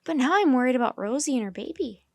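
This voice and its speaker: A woman's voice: high voice, quick pace, dry recording, clean studio sound. A woman voicing an eager young girl who coos and worries aloud. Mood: worried. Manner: excited, cooing.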